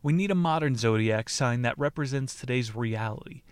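A man hosting a podcast, reading a book aloud in a deadpan way and breaking off into laughing, profane asides. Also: mid-range voice, normal speed, clear, resonant tone, no echo. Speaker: podcast host.

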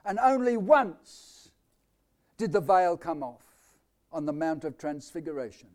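A man with an Australian accent preaching a live sermon, quizzing his congregation with questions and swinging between loud declarations and quiet asides. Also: on the high side, expressive, a little slow.

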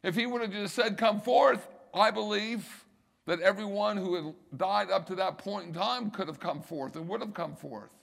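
A middle-aged man preaches a sermon in a high, gravelly, somewhat bright voice at normal speed. Like a pastor driving a point home from the pulpit, he swells and repeats key phrases for emphasis.

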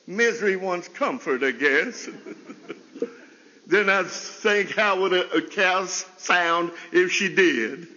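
A man preaching a folksy sermon with a stutter, often laughing and leaping into high bursts. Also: slow pace, sharp tone, big-room sound, highs cut off, a little hiss or hum. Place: chapel service.

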